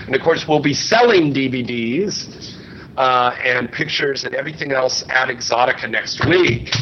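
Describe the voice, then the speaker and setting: A man's voice: medium pitch, normal speed. A man hosting a live fan signing event in a store, joking and hyping up his guests. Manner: joking, hyped emcee. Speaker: event host. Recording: muffled, noisy live recording.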